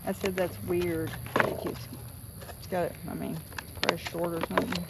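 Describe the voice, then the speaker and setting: Chatty guy w a high gravelly voice, crickets loud all around at night camp. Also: little pitch movement, unhurried. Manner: chatty, laughs easily. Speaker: hiker and vlogger. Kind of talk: casual chat at camp. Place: outdoor campsite at night. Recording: crickets and night noise outdoors.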